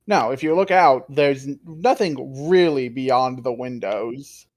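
A man's voice: mid-range voice, slow, darkish tone. A man playing a tabletop game, explaining his character's world in a loose, rambling way. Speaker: player. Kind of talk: tabletop role-play.

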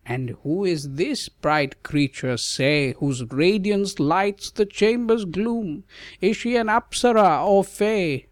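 A man's voice: mid-range voice, slow pace, dry recording, lightly acted. A man voicing an old, grey-haired wise male sage in an audiobook ballad, declaiming with urgency. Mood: wondering.

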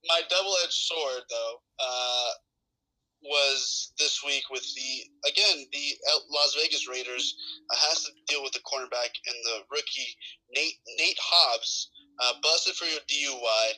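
A man with a very bright, forward voice talks sports on a podcast panel. He tells his stories with animated, salty energy, swearing freely as he rants. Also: mid-range voice, measured pace, poor audio. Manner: animated, profane storytelling. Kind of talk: casual sports talk.

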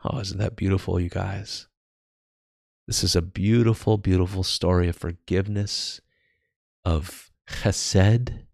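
A man gives a Bible teaching in a low voice, breaking into eager exclamations. He speaks straight to his listeners as "you guys". The recording is dry and close. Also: vocal fry, no room sound.

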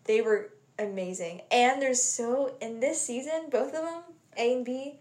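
A young woman in casual chat, eager and chiming in quickly. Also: on the high side, darkish tone, echoey room. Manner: eager, quick agreeing interjections.

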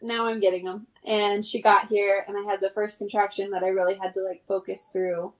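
A woman's voice: mid-range voice, completely flat delivery, brisk. A woman in her thirties, a podcast guest telling a story in casual chat, laughing often and using many fillers.

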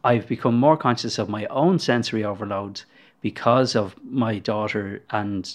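A man's voice: on the low side, normal speed. A man co-hosting a casual podcast, asking questions hesitantly and restarting often as he searches for words. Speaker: podcast co-host.

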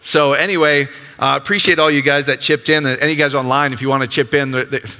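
Upbeat, bright-voiced preacher in his fifties. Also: on the high side, steady tone, fairly quick. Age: 50s. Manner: conversational, upbeat, asks rhetorical questions. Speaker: ministry leader. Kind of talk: casual sermon. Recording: long hall reverb.

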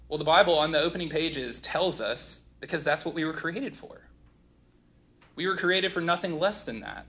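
A pastor in his thirties delivers a sermon in a relaxed, conversational way, full of asides and stories. His voice sits a little high for a man and sounds bright and forward. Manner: conversational, animated storytelling with many "like" asides.

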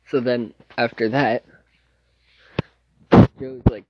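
A man's voice: mid-range voice, steady tone, a little slow, pauses often, no echo, lo-fi sound. A man casually recapping a TV show's plot, rambling and restarting as he loosely quotes the scenes. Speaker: TV show reviewer.

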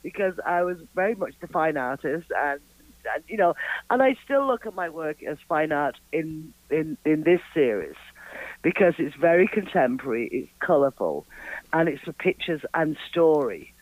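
A man's voice: fairly high pitch, moderate pace, no echo, low-quality recording. A man, an artist, chatting casually in an interview and acting out quoted conversations as he tells stories. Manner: animated storyteller, acts out quotes. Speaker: artist guest.

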